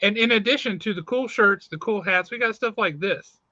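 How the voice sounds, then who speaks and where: A man's voice: high-pitched, a little fast, bright, forceful tone, no room sound, muffled recording. A man hosting a comic shop podcast over a video call, chatting casually and reviewing comics in an easygoing, self-correcting way.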